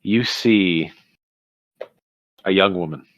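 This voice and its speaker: A male game master narrates a tabletop game in slow, measured sentences. His voice is very deep and unhurried. The sound is dry and close. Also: no room sound.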